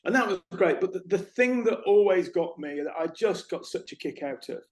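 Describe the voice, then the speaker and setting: A middle-aged man talks as an interview guest, his voice sitting a little high for a man. He tells his stories with energy and slips into the voices of the people in them. The sound bounces around a roomy space. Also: moderate pace. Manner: animated storyteller, acts out shop conversations. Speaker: interview guest, former retail manager. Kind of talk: conversational interview. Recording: echoey room.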